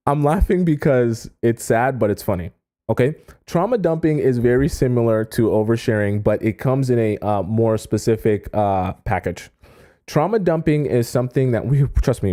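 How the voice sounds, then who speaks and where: Mellow-voiced man coaching on dating. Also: mid-range voice. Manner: animated, conversational, frequent "okay?" and "right?" check-ins; acts out quoted people in a raised voice. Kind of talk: live-stream advice talk.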